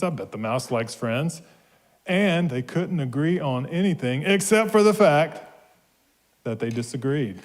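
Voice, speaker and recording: Playful minister with a slightly high voice. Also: male voice. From Georgia, US. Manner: playful, asks the children questions. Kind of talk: children's story in a service.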